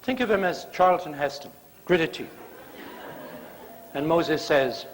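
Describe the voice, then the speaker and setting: A man's voice: a little high, lively intonation, slow pace, pauses often, a little hiss or hum. A male guest preacher delivering a sermon, telling stories with playful, acted-out quotes. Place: church sanctuary. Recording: long church reverb.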